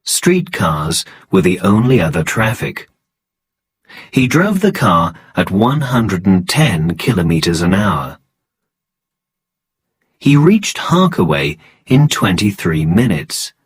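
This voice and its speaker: Slow, husky male storybook narrator. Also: low-pitched, very animated.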